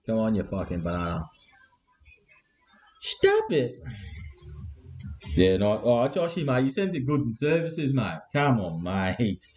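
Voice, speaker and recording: A man's voice: fairly low pitch, big pitch swings, normal speed, hardly any pauses, a little mellow. An Australian man hosting a live card break, with crude, laddish banter and constant swearing.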